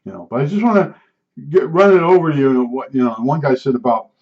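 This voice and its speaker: An older man with a New Jersey accent rambles through personal stories in a casual, chatty way. He circles back with frequent asides, and his middle-pitched voice comes through a dull, lo-fi recording. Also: animated, brisk. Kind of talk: casual storytelling monologue. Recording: dull lo-fi sound.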